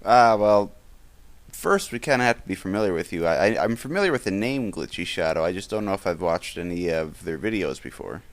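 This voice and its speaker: A young man with a very deep voice joins a casual podcast over a voice call as a guest. He sounds tired and speaks bluntly, stumbling over repeated words before getting his point out. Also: animated, brisk. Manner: blunt, stammering restarts. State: sleepless, tired.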